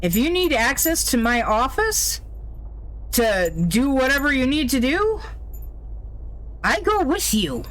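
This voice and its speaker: A woman's voice: high voice, very animated, takes it slowly, pauses often, fairly bright tone. A woman streaming a video game, commenting casually in a blunt, opinionated way with plenty of swearing.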